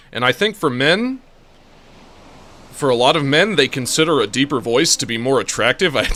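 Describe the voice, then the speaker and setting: A man's voice: mid-range voice, big pitch swings, brisk, pushed and bright, faint music behind. A man streaming a game, chatting casually and rambling with jokes and self-mocking asides. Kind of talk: casual chat on a live stream.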